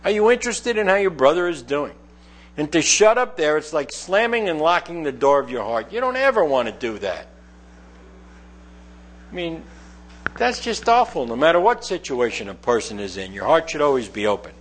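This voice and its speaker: A man's voice: on the high side, very animated, moderate pace. A middle-aged man preaching a conversational sermon, reading scripture aloud and explaining it verse by verse. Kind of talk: sermon, Bible teaching.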